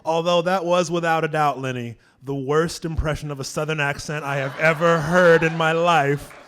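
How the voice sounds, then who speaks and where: A man from Arkansas hosting a live storytelling event, speaking wryly and warmly about the act. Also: a little high, fairly even intonation, normal speed, a little hiss or hum. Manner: wry, complimentary. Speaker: host. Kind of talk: emcee remarks at a live event. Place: theater stage.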